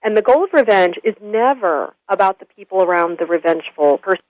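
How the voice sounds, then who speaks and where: A woman guest telling a story in an earnest, animated interview. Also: mid-range voice, a little fast, no echo. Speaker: guest, school consultant. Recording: dull lo-fi radio audio.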